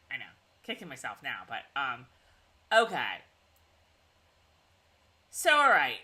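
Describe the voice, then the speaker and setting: A woman's voice: mid-range voice, bright, forceful tone. A middle-aged woman co-hosting a casual TV recap chat over a video call, rambling with lots of "like" and restarts. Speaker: podcast co-host.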